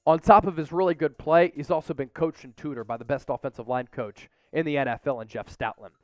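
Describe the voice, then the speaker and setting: Brief: opinionated man hosting a football talk show, quick with numbers, bright high register. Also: steady tone, no echo. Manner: upbeat, opinionated, rattles off stats. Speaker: sports show host. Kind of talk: energetic sports commentary.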